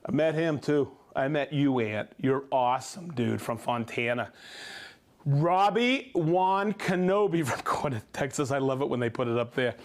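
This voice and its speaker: A man hosting a live stream, reading viewers' names and hometowns with upbeat excitement and frequent whoops. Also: mid-range voice, normal speed. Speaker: livestream host. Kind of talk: live stream shout-outs.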